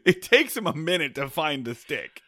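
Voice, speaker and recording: A man's voice: on the high side, very animated, normal speed, fairly bright tone, no echo. A man co-hosting a casual podcast, telling a rambling story with many restarts and laughs. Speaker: podcast co-host.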